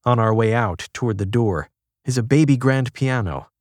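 A man narrating a magazine feature in a measured, even reading, shifting his tone a little for quoted lines. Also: medium pitch, no echo, studio quality. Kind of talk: scripted narration.

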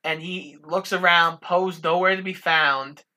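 A woman co-hosting a casual film recap, summarizing the plot in a steady, matter-of-fact way. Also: lowish voice, measured pace. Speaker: podcast co-host.

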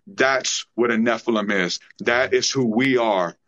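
A man's voice: medium pitch, unhurried, fairly bright tone. A man speaking as a podcast guest, preaching in a fervent, emotional way during a spiritual conversation. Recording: dull lo-fi sound.

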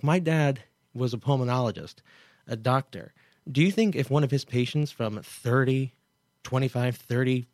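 A man's voice: mid-range voice, darkish tone, dry recording. Chatty incredulous man, dry sound. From Kansas, US. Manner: chatty, incredulous, frequent asides. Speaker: show host. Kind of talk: casual commentary.

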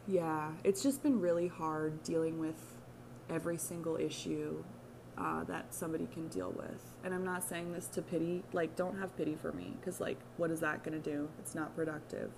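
A woman's voice: sits low, steady tone, normal speed, background noise. A young adult woman from the United States hosting her own podcast, talking candidly in a rambling, profane, self-mocking way. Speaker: podcast host. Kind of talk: casual solo podcast monologue.

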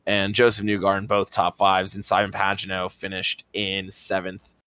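A man telling a rambling, excitable story as a podcast co-host, swearing casually. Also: low voice, moderate pace, dry recording. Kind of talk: casual chat.

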